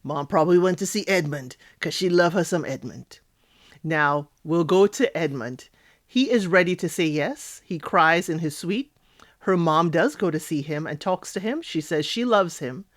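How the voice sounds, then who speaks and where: A woman hosting a casual reality TV recap, talking in an animated, outspoken way with sassy asides. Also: fairly low pitch, normal speed, no echo, studio quality.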